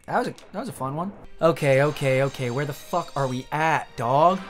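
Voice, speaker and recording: A man giving profane, joking commentary as he plays a video game, reacting loudly to the screen. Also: on the high side, brisk, faint music behind. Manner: excitable, swearing, joking at the screen. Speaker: let's play streamer.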